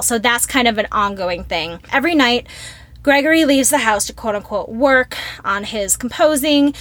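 A woman co-hosting a casual podcast chat, retelling a film with lively acted-out quotes. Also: on the high side, normal speed. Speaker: podcast co-host.

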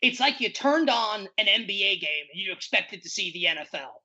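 A man in his thirties rants with exasperation in a casual chat, filling his talk with "like." His voice is bright and forceful, with a husky edge. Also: sits high, lively intonation, a little fast, highs cut off. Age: 30s. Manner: exasperated ranting, heavy "like" fillers. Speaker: podcast co-host.

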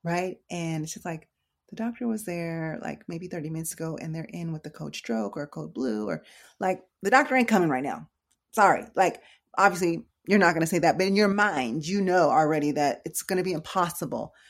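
A woman's voice: sits low, moderate pace. A woman emergency room nurse giving casual, conversational advice, slangy and direct with her listeners. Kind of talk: casual educational talk.

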